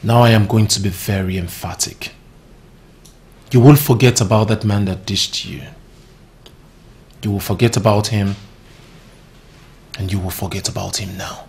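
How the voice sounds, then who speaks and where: An actor playing a stern, protective brother who scolds emphatically, with a Nigerian English accent. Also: male voice, fairly low pitch, fairly even intonation, a little fast, few pauses, reverberant, natural voice. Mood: scolding. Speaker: actor in a film.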